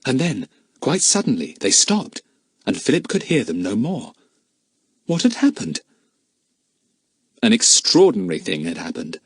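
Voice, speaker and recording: A man narrating a children's adventure audiobook in a lively, expressive reading. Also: fairly low pitch, unhurried, pauses often, husky, dry recording. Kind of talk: storybook narration.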